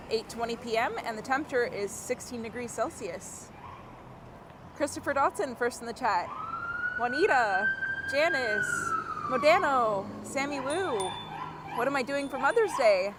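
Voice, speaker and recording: A woman live-streams casually while strolling down a city street after dark, greeting viewers by name and laughing a lot over the outdoor traffic noise. She talks at a normal speed in a high voice with huge pitch swings.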